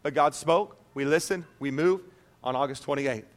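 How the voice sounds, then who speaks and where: A male pastor delivers a lively, conversational sermon. His voice sits a little high, and he keeps checking in with the congregation. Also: normal speed. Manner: animated, conversational preaching with frequent "okay?".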